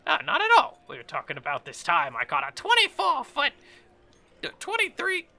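A man's voice: extremely high pitch, wildly swooping pitch, normal speed, sharp tone, voice pushed up, exaggerated voice. Man doing a boastful little fisherman. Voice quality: boastful, blustery.

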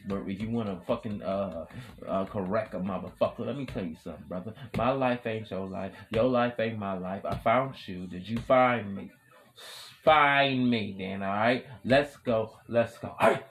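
A podcast host from Wisconsin delivers a rambling, profane hype monologue on his own show, repeating chants. He swings from loud shouting to low mutters, with a little hiss or hum in the recording.

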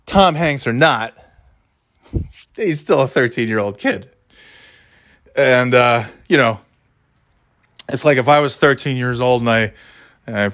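A man delivering a profane, animated comedic rant about a movie, jumping into character voices. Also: medium pitch. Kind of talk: stand-up style comedic rant.

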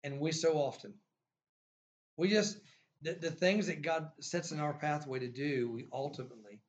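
A man's voice: a little high, moderate pace. A man hosting a faith-based interview, affirming the guest and talking in a preacherly way. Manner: affirming listener, many "yeah"s, preacherly. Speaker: host. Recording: slightly dull recording.

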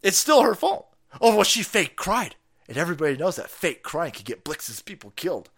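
A middle-aged man doing profane live-stream commentary in a fairly high voice. His pitch swings widely as he moves from loud outbursts to low, muttered asides. He laughs often as he rants. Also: big pitch swings, brisk, breathy edge.

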